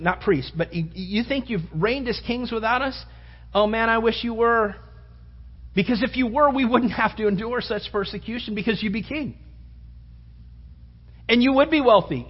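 A male pastor preaching a sermon with fervor, repeating phrases for emphasis and swinging between loud and soft. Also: sits high, husky. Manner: fervent, repeats phrases for emphasis, rising and falling delivery. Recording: dull lo-fi sound with long hall reverb.

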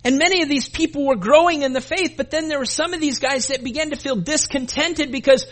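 A man's voice: extremely high pitch, brisk, hardly any pauses, a bit bright. A man preaching a sermon as a pastor, speaking emphatically, building intensity and addressing the congregation directly. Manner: calls the congregation "gang", acts out voices.

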